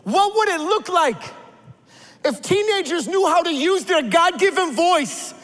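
A man in his forties preaching a sermon, telling stories in an animated way and building to emphatic calls. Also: very high voice, a little slow, long reverb tail. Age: 40s. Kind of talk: sermon with storytelling.

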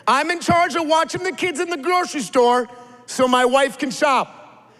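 A man in his forties preaching a sermon, telling stories in an animated way and building to emphatic calls. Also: extremely high pitch, normal speed, in a large hall. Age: 40s. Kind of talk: sermon with storytelling.

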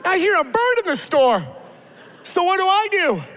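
A man in his forties preaching a sermon, telling stories in an animated way and building to emphatic calls. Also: very high-pitched, normal speed, big-room sound, a little hiss or hum. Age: 40s. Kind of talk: sermon with storytelling.

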